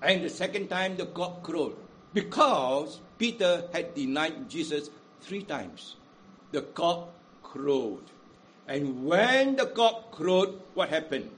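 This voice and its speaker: Man preaching, high voice, dramatic swings in loudness, faint background noise. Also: lively intonation. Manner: dramatic, big swings in loudness, slows down for emphasis. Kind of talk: sermon.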